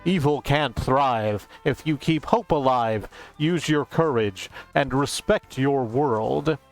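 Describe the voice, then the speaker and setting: A man voicing a solemn, cryptic crystal spirit in a game, reading slowly. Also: mid-range voice, soft background music.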